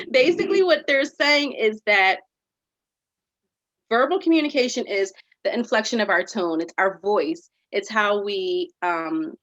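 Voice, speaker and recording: A woman teaching kids in an upbeat, animated virtual after-school lesson, sometimes reading a passage aloud. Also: mid-range voice, dry recording, highs cut off.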